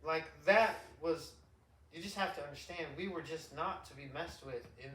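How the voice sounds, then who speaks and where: A middle-aged man hosting a podcast, an animated storyteller who rambles, restarts and laughs often in casual chat. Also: fairly high pitch, normal speed, slight background noise. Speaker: podcast host. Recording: roomy echo, distant mic.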